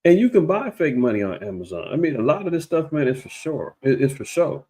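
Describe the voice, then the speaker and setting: A man giving casual religious commentary online, rambling and preachy, with frequent restarts and mocking raised-pitch impressions of others. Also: sing-song, brisk, dark tone.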